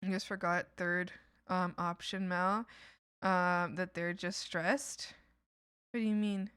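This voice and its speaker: A woman's voice: on the low side, flat delivery, slow, fairly bright tone, clear, resonant tone, no echo, studio quality. A young woman streamer chatting casually, ranting and sarcastic, laughing often, on a desk mic.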